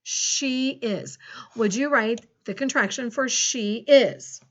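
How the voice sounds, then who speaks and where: A woman's voice: a little high, dull audio. Cheerful woman teacher spelling out words. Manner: upbeat, encouraging, spells words slowly letter by letter. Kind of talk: remote phonics lesson for children.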